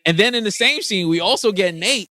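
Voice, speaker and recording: A man recaps a movie in casual, slangy chat with his co-host. His voice sits a little high, and the sound is dry and close. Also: expressive, a little fast, pushed and bright, no echo. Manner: loose slangy recap with frequent "know what I mean". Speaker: podcast co-host. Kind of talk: casual film discussion.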